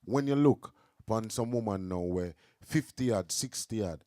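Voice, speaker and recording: A man's voice: on the low side, moderate pace, mellow, dry recording, clean studio sound. A middle-aged man with a Jamaican accent, explaining his views earnestly in casual podcast chat. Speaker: podcast host.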